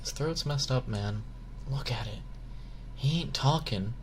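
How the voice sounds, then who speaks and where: A man's voice: medium pitch, a little slow, lightly acted. A man playing a stern male interrogator who gives curt commands. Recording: background noise hiss.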